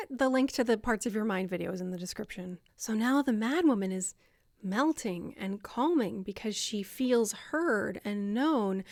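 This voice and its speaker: A woman's voice: fairly high pitch, dry recording, clean studio sound. A woman explaining self-compassion to camera in a casual, conversational way, with many fillers. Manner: conversational, lots of fillers, acts out voices.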